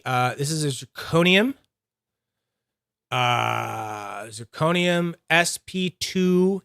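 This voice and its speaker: A man's voice: medium pitch, a bit bright, clean tone, no room sound, clean studio sound. A Canadian man hosting a casual livestream, rambling and joking at his own expense. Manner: rambling, self-mocking, laughs often. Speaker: livestream host reviewing fidget toys.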